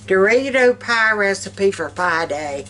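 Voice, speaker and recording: A woman with a Southern US accent chatting casually in her home kitchen for a vlog, folksy and quick to laugh. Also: mid-range voice, animated, bright, forceful tone. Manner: folksy, laughs often while talking. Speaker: vlogger.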